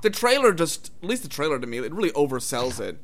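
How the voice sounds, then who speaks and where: Co-hosting a casual movie chat, a man rambles and hedges with "I mean" and "it's like." His voice is a little high, very animated, and fast.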